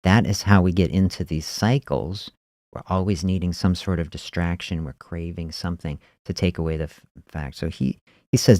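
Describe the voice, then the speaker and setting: A man's voice: sits low, steady tone, normal speed, warm tone, dry recording, clean studio sound. A man hosting a podcast, musing in a reflective spoken monologue and often adding "you know" and "see". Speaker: podcast host.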